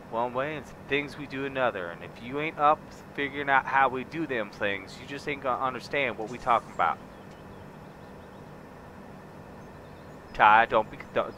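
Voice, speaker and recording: A man's voice: medium pitch, pushed and bright, natural voice. A man putting on a brash good-ol'-boy southern rancher voice, drawling and teasing. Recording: noisy background.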